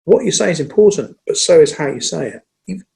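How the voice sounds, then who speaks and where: A man who trains people in presenting, talking in a lively conversational way and acting out what an audience says. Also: on the high side, vocal fry, poor audio. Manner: energetic, acts out audience lines, speeds up and slows down on purpose. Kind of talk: casual conversational interview.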